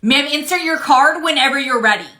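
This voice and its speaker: A woman doing a deadpan cashier. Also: high voice, a little fast. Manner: flat, polite, deadpan. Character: patient young female retail cashier, dry and unbothered. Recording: echoey room.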